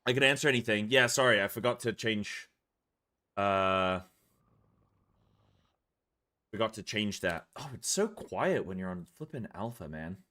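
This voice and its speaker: A man's voice: on the low side, normal speed. A man streaming a game, out of breath, chatting casually with viewers and exclaiming at what happens on screen. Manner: excitable, exclaims at the game, talks to chat. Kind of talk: casual live-stream chat while gaming.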